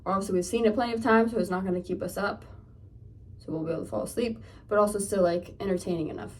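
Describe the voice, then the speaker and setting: A woman's voice: medium pitch, fairly even intonation, fast, a little mellow, far from the mic. Chatty young woman, slightly off-mic. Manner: chatty, rambling, many fillers. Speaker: vlogger. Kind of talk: casual chat while doing makeup. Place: home room, indoors.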